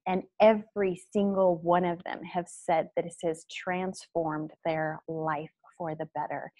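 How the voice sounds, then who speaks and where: A woman's voice: sits low, a little mellow, no room sound. A woman hosting a video interview as a spiritual coach, earnest and effusive as she talks about her program.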